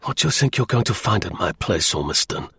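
A man's voice: on the low side, lively intonation, brisk, pushed and bright, slightly rough, no room sound, studio quality, heavily acted. A man voicing a sneering, brazen male spy suspect who taunts his captors in a raised voice. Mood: defiant. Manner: defiant, taunting.

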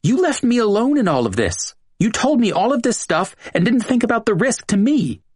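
A man's voice: high-pitched, sing-song, normal speed, a little mellow, slightly rough, no room sound, studio quality, pitched above the performer's own voice, exaggerated voice. Man putting on a tearful pleading young woman. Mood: defiant. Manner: pleading, sobbing delivery.

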